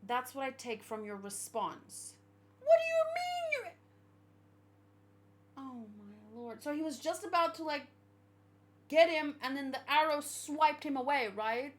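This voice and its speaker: A young woman with a high, animated voice gives a casual read-along reaction, exclaiming and wondering aloud. She speaks unhurriedly, with plenty of rises and falls. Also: a little slow, pauses often. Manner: chatty, exclamatory, thinking out loud. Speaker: manga read-along host.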